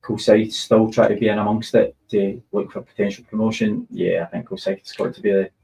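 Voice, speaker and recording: A Scottish man with a slightly low voice, chatting as a football pundit. He thinks his predictions through aloud, weighing form and results before settling on a pick. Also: steady tone, a little fast, gravelly, mellow, poor audio. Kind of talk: casual chat.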